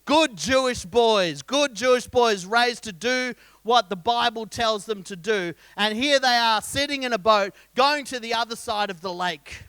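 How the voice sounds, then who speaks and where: A man's voice: very high voice, measured pace, few pauses, smooth, no room sound. A man preaching a sermon as pastor, telling the story with humour and throwing questions at the congregation. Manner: lively storyteller, jokes and quizzes the congregation.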